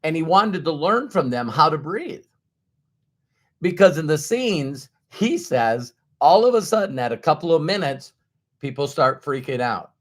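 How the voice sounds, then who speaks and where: A man speaking to his audience in an animated, conversational way, his pitch bouncing high and low as he makes a point. His voice sits a little high for a man, and he slips into the voices of doubters to act them out. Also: unhurried. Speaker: motivational speaker. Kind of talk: motivational talk to an audience.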